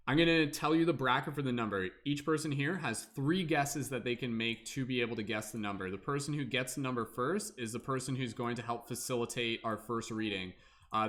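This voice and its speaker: A man's voice: medium pitch, fairly bright tone. A young man hosting a livestream, talking in a casual, upbeat way and addressing the chat. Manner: upbeat, chatty, many fillers, laughs often. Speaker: livestream host.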